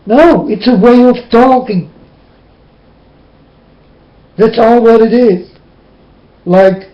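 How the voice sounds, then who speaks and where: A man's voice: extremely high pitch, drawn-out words, long pauses. A man delivering a preachy, scolding monologue to his listeners, with emphatic, plain and slightly non-standard phrasing. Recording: roomy, dull lo-fi recording.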